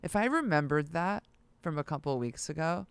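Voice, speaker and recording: A music producer vlogger talking casually to viewers, excitable and thinking aloud while browsing gear listings. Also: medium pitch, a little fast, smooth, no room sound. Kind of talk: casual vlog talk to camera.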